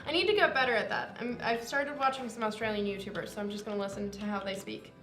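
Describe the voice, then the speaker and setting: A woman's voice: mid-range voice, quick pace, fairly bright tone. A young woman co-hosting a game stream, chatting casually with a playful, giggly, teasing manner. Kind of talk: casual chat while gaming. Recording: roomy sound with game music behind.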